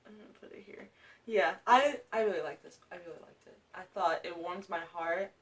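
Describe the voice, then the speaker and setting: A woman's voice: on the low side, a little fast, recorded from a distance. Chatty young woman gushing about books. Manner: chatty, gushing, rambling with many fillers. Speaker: booktuber. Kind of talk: casual book-ranking vlog.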